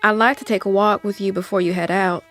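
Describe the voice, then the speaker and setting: An actress with an Appalachian accent playing an elderly aunt who sees the future, speaking in a slow, soft, folksy drawl. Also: female voice, mid-range voice, fairly even intonation, faint music behind, close to an everyday voice. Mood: gentle. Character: elderly Appalachian aunt, seer, gentle and weary. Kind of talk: audio drama acting.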